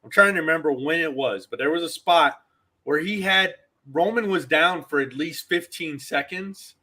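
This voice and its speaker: Bright-voiced man ranting about wrestling. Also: on the high side, normal speed. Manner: emphatic, ranting, repeats himself. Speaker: podcast co-host. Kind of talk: casual wrestling chat.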